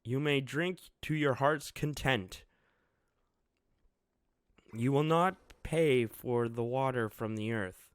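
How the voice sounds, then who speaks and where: A man's voice: mid-range voice, takes it slowly, pauses often, clear, resonant tone, dry recording, close to an everyday voice. A man voicing a proud young male shogun who declaims formally and solemnly, in a dry, close recording.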